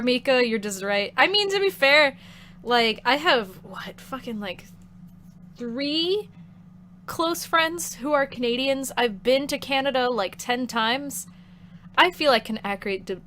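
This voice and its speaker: A woman streamer chatting casually while playing a game, giggly and excitable, swearing freely. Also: high-pitched, a little hiss or hum.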